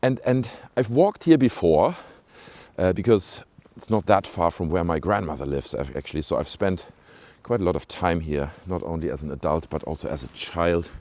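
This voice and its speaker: A man's voice: deep voice, animated, normal speed, a little mellow. A man with a British-sounding accent, chatting casually to viewers as he walks around a village outdoors, rambling with many asides and fillers, recorded on a handheld camera. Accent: British-sounding English. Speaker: vlogger. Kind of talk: casual walking vlog commentary. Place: outdoors in a small rural village. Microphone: handheld camera mic while walking.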